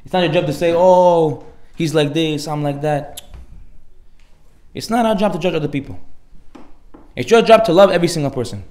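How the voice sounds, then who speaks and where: A man giving a sermon as a rabbi, animated, acting out the voices in his stories. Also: fairly high pitch, moderate pace, long pauses, echoey room. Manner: animated storytelling, acts out dialogue.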